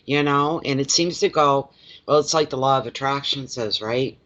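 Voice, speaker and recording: Chatty, expressive man livestreaming. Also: medium pitch, moderate pace, muffled recording. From Atlantic Canada. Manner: expressive, chatty, laughs often, greets viewers by name. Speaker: intuitive card reader. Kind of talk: casual livestream chat.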